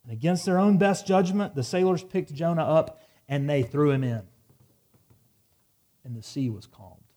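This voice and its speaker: A man's voice: a little high, moderate pace, dark tone. A man preaching a sermon, reading scripture dramatically and dropping wry asides. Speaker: pastor.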